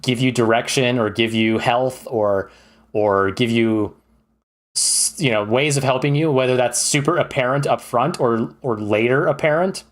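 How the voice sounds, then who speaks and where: A man's voice: medium pitch, normal speed. Chatty enthusiastic male game streamer. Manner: chatty and rambling, with many fillers. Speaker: streamer ranking games. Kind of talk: casual livestream commentary.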